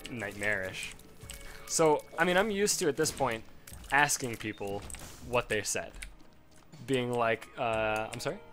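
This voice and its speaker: Young Chicago man, mid-pitch, rambling profane game commentary, faint music underneath. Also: bright, forceful tone. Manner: rambling, profane, frequent fillers. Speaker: let's play host. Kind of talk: casual gameplay commentary.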